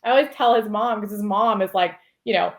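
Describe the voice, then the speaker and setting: A woman's voice: medium pitch, brisk. Chatty woman telling a story, laughing often. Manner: animated, laughs often, heavy use of "like". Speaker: podcast guest. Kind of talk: casual storytelling.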